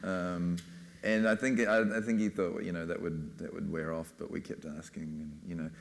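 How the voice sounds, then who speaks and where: A man's voice: sits low, level tone, normal speed, vocal fry. A man speaking as a film director on a panel, rambling casually with many fillers. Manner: rambling, full of "you know" and "like".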